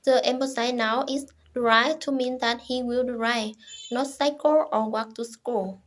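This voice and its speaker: A young woman presents to her class. Her voice sits high, and she reads slowly and formally in short, halting phrases. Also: steady tone. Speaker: student presenter.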